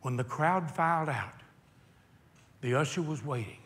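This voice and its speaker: High-voiced impassioned male preacher. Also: a bit bright. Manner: impassioned storytelling, slowing for emphasis. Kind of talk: sermon. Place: hot indoor meeting hall.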